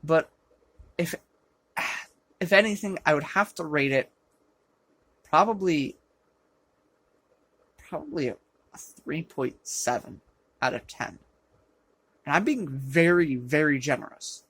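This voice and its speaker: A film reviewer ranting through a sarcastic movie review, exasperated and prone to loud outbursts, with a voice they call rough, recorded on a low-quality camera. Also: slow pace, long pauses. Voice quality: self-described rough voice.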